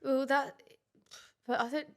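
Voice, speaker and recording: Woman, slightly high pitch, casual podcast guest, chatty, trailing sentences. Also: steady tone, a little slow. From England. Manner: chatty, laughs easily, trails off mid-sentence. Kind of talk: casual chat.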